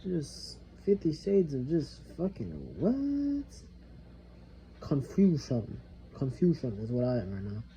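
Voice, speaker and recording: A man's voice: fairly high pitch, very animated, slow, dark tone. A young man venting in a casual monologue, rambling and frustrated, swearing often and trailing off into mutters. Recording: slightly dull lo-fi recording with faint background noise.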